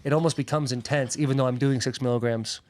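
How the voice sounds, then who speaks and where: A man's voice: medium pitch, steady tone, fast talker, darkish tone, slight background noise. A man co-hosting a podcast, bantering casually and poking fun at himself. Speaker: podcast co-host. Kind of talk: casual chat.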